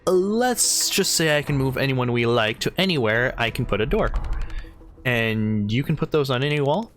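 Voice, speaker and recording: Guy reading game lines out loud, chatty asides, bit of music behind. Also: medium pitch, lively intonation, normal speed. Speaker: gamer reading game dialogue aloud. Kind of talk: casual let's-play narration.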